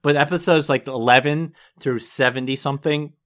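A man co-hosting a relaxed podcast conversation. He chats easily, laughs often, and drifts off mid-sentence before picking the thought back up. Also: medium pitch, moderate pace. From northern United States. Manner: chatty, laughs often, trails off and restarts. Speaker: podcast co-host. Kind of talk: casual chat.

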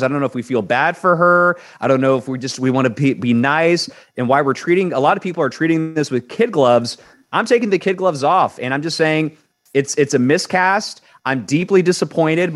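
A man of Cuban descent co-hosting an entertainment news show, giving a blunt, emphatic opinion and often repeating words as he builds his point. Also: fairly high pitch. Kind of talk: opinionated co-host chat.

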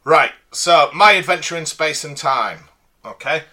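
Bright-voiced man cohosting a podcast. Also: fairly high pitch, expressive, measured pace. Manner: teasing and jokey, reading listener messages. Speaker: podcast co-host. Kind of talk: casual podcast chat.

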